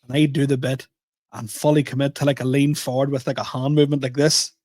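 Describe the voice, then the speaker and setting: A man's voice: mid-range voice, level tone, fast, darkish tone, no echo. A man co-hosting a comedy podcast, telling self-deprecating stories with frequent laughter. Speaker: podcast co-host and stand-up comedian. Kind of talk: casual chat.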